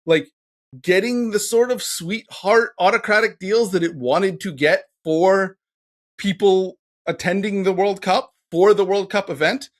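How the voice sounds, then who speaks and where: Guest pundit, man, fairly high voice, wry and explanatory, casual podcast chat. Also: a little slow. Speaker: guest, soccer podcast cohost.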